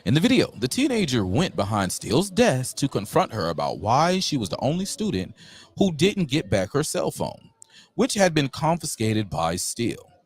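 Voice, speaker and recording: A man's voice: medium pitch, huge pitch swings, normal speed, slightly rough. A man hosting a live talk show, reading news aloud and breaking in with slangy asides. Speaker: radio show host.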